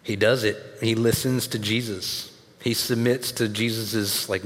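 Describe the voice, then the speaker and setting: A man's voice: fairly low pitch, fairly even intonation, measured pace, a bit bright. A man preaching a sermon in a conversational, emphatic way with casual asides, speaking to a church audience. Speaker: pastor. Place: large church hall with audience. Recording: long hall reverb.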